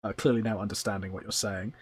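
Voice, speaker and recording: A man narrating a tabletop game as game master, describing scenes at length with many pauses. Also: on the low side, fairly even intonation, husky.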